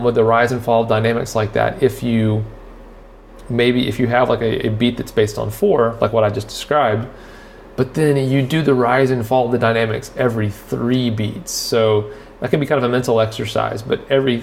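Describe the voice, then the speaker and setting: A drummer who hosts a podcast gives a loose spoken lesson, rambling, leaning on fillers and restarts, and losing then finding his thread. His voice is medium-pitched and gravelly, with a little hiss or hum on the recording.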